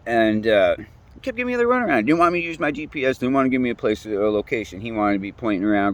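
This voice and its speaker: Young guy, profane rambling storyteller, mid-pitched, keeps restarting sentences. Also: expressive, fast. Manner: profane, rambling, repeats himself; restarts and trails off often. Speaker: vlogger telling his own story. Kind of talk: casual storytelling rant.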